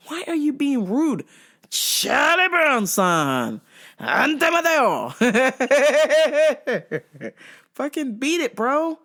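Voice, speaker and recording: A woman hosting a show, telling a comic story in a profane, animated way and laughing often. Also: high voice. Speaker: host.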